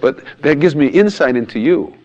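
A man's voice: mid-range voice, lively intonation, moderate pace, a little mellow, dull audio. Blunt, laughing preacher man. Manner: blunt, emphatic, laughs often, acts out quotes. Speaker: pastor. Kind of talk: sermon-style teaching talk.

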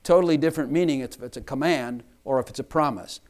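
A man's voice: mid-range voice, fast, a little mellow. A man preaching a sermon to his church, emphatic, repeating and rephrasing lines for stress.

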